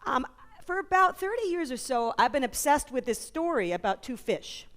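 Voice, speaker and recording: Animated New woman telling stories. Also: sits high. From New York, USA. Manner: animated storyteller, quick asides and jokes. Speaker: author and psychologist guest. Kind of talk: conference interview talk. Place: conference stage.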